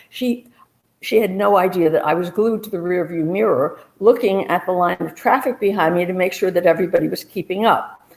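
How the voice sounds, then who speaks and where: A woman private detective telling a personal story on stage in a lively way, acting out what people said. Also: fairly low pitch, brisk, vocal fry, low-quality recording. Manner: lively storytelling, acts out quotes.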